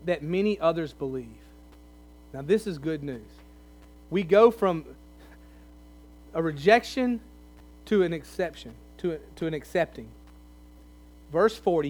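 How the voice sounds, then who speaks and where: A man's voice: fairly high pitch, expressive, unhurried, long pauses. A man preaching a sermon, conversational and emphatic as he reads and explains scripture. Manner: conversational, emphatic, pleading in places.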